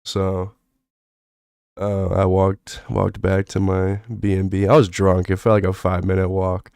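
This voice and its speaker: Laid-back young male streamer, low voice, dry close sound, rambling and profane. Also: darkish tone, clear, resonant tone, no room sound. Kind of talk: casual storytelling on stream.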